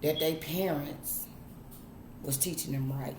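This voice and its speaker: A woman speaks in a low, unhurried drawl, lecturing her audience bluntly and swearing freely. Her voice rings in an echoey room with a faint hiss behind it. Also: fairly even intonation. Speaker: vlogger. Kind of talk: casual monologue to camera.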